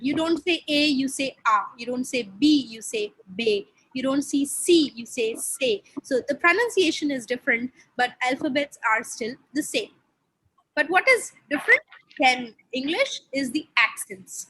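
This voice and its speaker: A woman's voice: high voice, pushed and bright, husky, rough recording. A woman from India teaching a lecture on learning French, explaining step by step and putting questions to her listeners.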